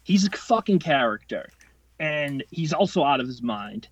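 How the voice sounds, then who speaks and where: A guy in his late twenties, appearing as a podcast guest, rambles through a casual anecdote, swearing freely, restarting sentences, and delivering it all quick-tempered. His voice runs higher than most men's, sing-song and slightly rough, in a dry, slightly dull, lo-fi recording.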